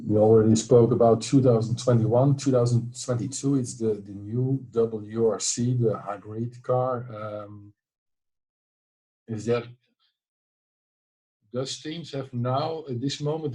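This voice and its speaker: Man from Belgium, interviewer, warm tone, friendly, gropes for words. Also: mid-range voice, steady tone, slow, poor audio. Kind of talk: interview questions.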